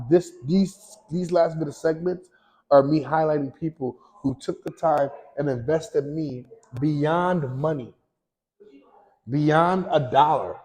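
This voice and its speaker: A man's voice: on the high side, darkish tone, rough recording. A man hosting his own show, talking in a casual personal monologue, rambling and earnest, with slang and frequent restarts. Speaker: host.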